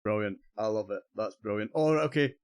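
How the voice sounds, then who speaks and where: A man's voice: on the low side, a little fast, a little mellow, clean tone, dry recording. A man with a Scottish accent hosting a casual gaming stream, chatty and cheerful, often restarting his sentences. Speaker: streamer host.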